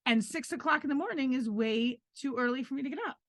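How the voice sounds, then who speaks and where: Middle-aged woman, slightly high voice, firm and matter-of-fact, dry close mic. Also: quick pace, fairly bright tone, no echo. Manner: firm, matter-of-fact, defends her point. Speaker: podcast co-host. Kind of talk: casual chat.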